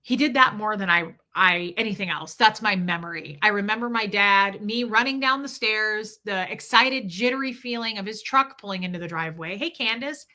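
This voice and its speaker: A woman's voice: mid-range voice, normal speed, few pauses, pushed and bright. A middle-aged woman talking openly and candidly about her own life, now and then acting out the voices of people in her stories. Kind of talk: candid personal storytelling.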